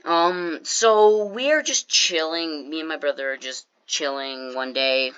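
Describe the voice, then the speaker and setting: A YouTuber telling a casual story over gameplay, animated and jokey, with quick asides to the viewers. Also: mid-range voice, clear, resonant tone, lo-fi sound.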